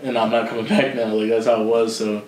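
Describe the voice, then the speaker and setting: A man's voice: mid-range voice, little pitch movement, fast talker, darkish tone. A young man from Philadelphia, a podcast co-host with that city's accent, telling a personal story in a candid, casual way, laughing and swearing freely. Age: young adult. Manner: candid, laughing, loose with profanity. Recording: echoey room.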